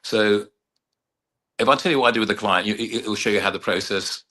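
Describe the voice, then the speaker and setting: A man's voice: on the low side, brisk, pushed and bright. A middle-aged man, a hypnotherapist, chatting casually in an interview and rambling through anecdotes while acting out what his clients said. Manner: rambling storyteller who acts out client dialogue. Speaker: hypnotherapist and mind coach, guest.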